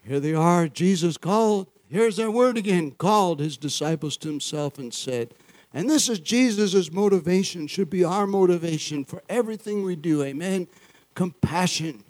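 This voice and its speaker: A man's voice: sits high, lively intonation, moderate pace, darkish tone, no echo. A man preaching a sermon as pastor, often asking the congregation "Amen?" and chuckling between points. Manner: call-and-response, frequent "Amen?" and chuckles.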